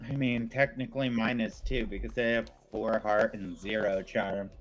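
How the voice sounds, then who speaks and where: A man's voice: on the low side, fairly even intonation, normal speed, soft background music. A man playing a tabletop game, speaking in a dry, matter-of-fact way. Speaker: player.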